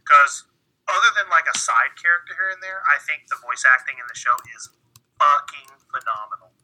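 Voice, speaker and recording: Bright-voiced rambling man podcaster. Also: a little high, expressive, brisk, rough recording. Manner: rambling, many fillers and restarts, swears. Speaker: podcast co-host. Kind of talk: casual chat.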